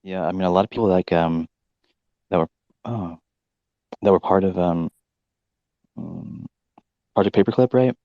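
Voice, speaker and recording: A man's voice: low voice, moderate pace, long pauses, no room sound, highs cut off. A man in casual chat, hesitant, filling with "um" and "like". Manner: hesitant, many "um" and "like".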